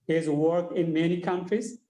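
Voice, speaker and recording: Host, male, formal and halting with fillers; mellow voice, roomy call sound. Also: fairly high pitch, fairly even intonation. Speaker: webinar host. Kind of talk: formal introduction. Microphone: video call.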